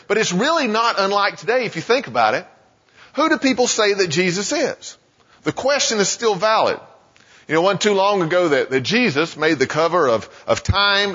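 A man preaching a sermon in a casual, conversational way, full of "you know" asides and quick voiced quotes. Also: high voice, fairly bright tone. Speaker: pastor. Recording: muffled sound with long hall reverb.

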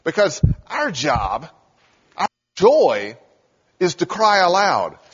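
Here a pastor acts out scripture scenes while storytelling through his sermon, his pitch sitting high and swooping wildly. He talks slowly, with a fairly bright, slightly rough tone, and the recording sounds dull inside a large reverberant hall.

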